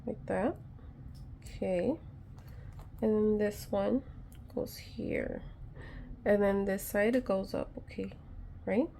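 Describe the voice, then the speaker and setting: A woman's voice: mid-range voice, big pitch swings, slow, creaky, long pauses, dark tone, a little hiss or hum. A woman talking casually to her viewers while doing a craft repair at home, chatty and a little nervous, joking about her own methods. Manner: chatty, nervous, self-deprecating, talks to viewers while working. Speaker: craft vlogger. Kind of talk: casual DIY tutorial chat.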